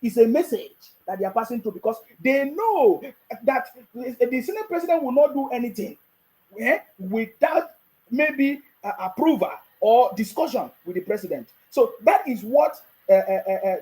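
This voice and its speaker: A Nigerian-accented political commentator talking straight to the listener, pitched at an ordinary middle height. The delivery is mocking and full of rhetorical questions, with chuckles slipped in between points and a habit of asking whether the listener is following. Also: lively intonation, moderate pace, mellow, low-quality recording. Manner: keeps checking in with the listener.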